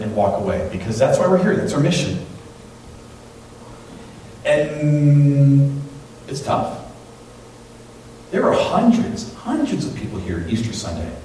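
In a very echoey church sanctuary, a pastor with a medium-pitched voice preaches from off-mic, picked up at a distance with a little hiss or hum. His sermon is conversational and animated, and he acts out the voices of the people in his stories.

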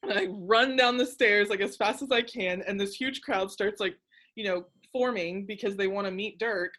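A young woman hosting a casual chat, telling a story in an animated, excitable way with lots of filler words. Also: mid-range voice, moderate pace. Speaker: podcast host.

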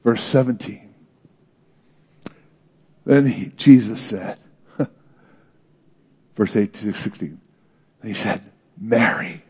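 A man preaching a sermon in an earnest, dramatic way, swinging between loud emphasis and hushed moments. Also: lowish voice, slow pace, long pauses, slightly rough. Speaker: pastor.

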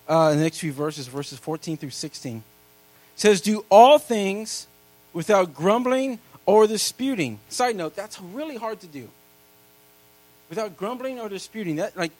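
A male pastor preaching a sermon, reading scripture loudly and slowly, then dropping into quiet, quick asides to the congregation. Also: high-pitched, lively intonation, rough recording.

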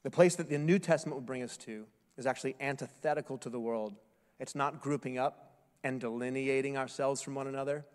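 A man's voice: mid-range voice, steady tone, a little fast. A man preaching a sermon as a pastor, telling stories with wry, self-deprecating humor. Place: church sanctuary. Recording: echoey hall with long reverb.

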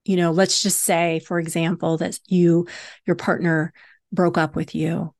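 A woman's voice: on the low side, little pitch movement, measured pace, a little mellow, no room sound, studio quality. A woman hosting a solo self-help podcast, teaching earnestly and repeating key points for emphasis. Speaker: podcast host and hypnosis coach.

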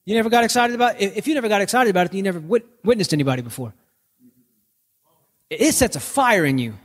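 A man preaches in an easygoing, humorous way, spinning everyday stories into his message. His voice sits high for a man. The sound rings with a long reverb, as if in a large hall. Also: lively intonation, fast, husky. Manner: joking, storytelling preacher. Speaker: pastor. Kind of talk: conversational sermon podcast.

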